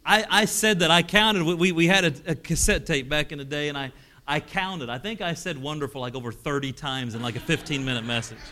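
A middle-aged man delivers a sermon built around personal stories, shifting between loud exclamations and hushed, emotional moments. His voice runs on the high side, and he talks a little fast.

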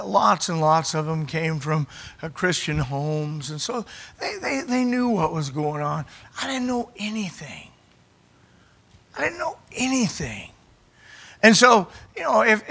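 A middle-aged man preaching his testimony in a high, very bright voice. He is emotional, climbing to near shouts and dropping to hushed moments, and he often restarts his sentences. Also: creaky. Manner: emotional, rising to near shouting at climaxes, dropping quiet at others; repeats words and restarts phrases. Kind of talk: sermon storytelling.

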